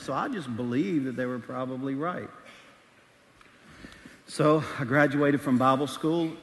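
Pastor telling a story in a big reverberant hall. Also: male voice, medium pitch, measured pace, long pauses, fairly bright tone. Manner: candid storytelling, acts out voices in bursts. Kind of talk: sermon.

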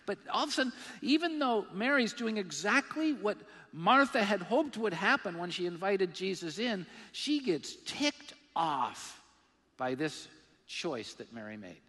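Guy preaching a sermon, kinda high voice, lively and jokey, lots of hall reverb. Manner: animated, emphatic preaching with self-deprecating humor. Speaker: pastor. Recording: long reverb of a large hall.

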